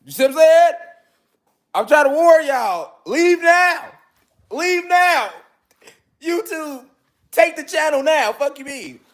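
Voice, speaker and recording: A man's voice: very high voice, lively intonation, measured pace. A man giving a profane, preachy lecture to his viewers, full of repeated call-and-response asides. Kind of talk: street-style lecture to viewers.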